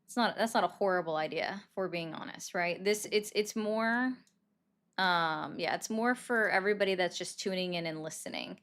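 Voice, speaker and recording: A woman's voice: lowish voice, normal speed, a bit bright, clear, resonant tone. A woman hosting a casual live political commentary stream, chatty and greeting viewers by name between her thoughts. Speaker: livestream host taking calls.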